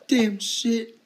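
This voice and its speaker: A man's voice: extremely high pitch, heavy background noise. A man streaming live, commenting casually and offhandedly through bursts of laughter.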